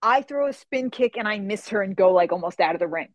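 A young woman telling a story in an animated way, acting out the people in it and swearing casually. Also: medium pitch, fast, dry recording, muffled recording. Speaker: guest.

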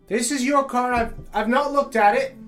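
Game master voicing a bumbling male street conjurer, pitched well up, chatty and grabby, faint guitar bed. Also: steady tone, moderate pace, lightly acted. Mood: showy. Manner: high-pitched, eager and chattering, with stammered repeats. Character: bumbling, scheming male tavern illusionist, cheerful and mooching. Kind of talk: tabletop role-play character voice.

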